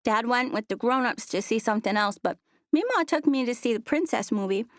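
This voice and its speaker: A woman voicing a cheerful, chatty little girl in an audiobook, bubbly and excited. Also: fairly high pitch, brisk, dry recording, studio quality, voice pushed up, lightly acted.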